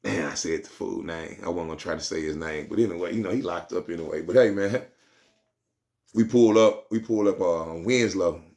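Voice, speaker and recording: A man's voice: deep voice, a little fast, a little mellow. A man telling a street story in casual slang, rambling and repeating himself.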